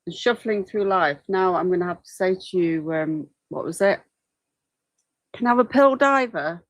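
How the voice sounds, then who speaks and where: A woman's voice: on the low side, moderate pace, poor audio. Chatty woman host, rambling. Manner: chatty, rambling, apologetic asides. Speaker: livestream host commenting on a trial. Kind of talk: casual chat.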